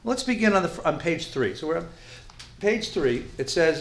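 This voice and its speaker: A male rabbi lecturing a live class, animated and joking, with Yiddish words woven in. His voice sits high and swings widely up and down, in an echoey classroom. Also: brisk, a little hiss or hum.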